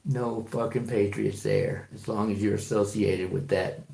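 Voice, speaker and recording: A man's voice: on the low side, steady tone, a little slow, creaky, darkish tone. A man who drives trucks, talking in a rambling, profane monologue full of fillers and restarts. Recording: echoey room.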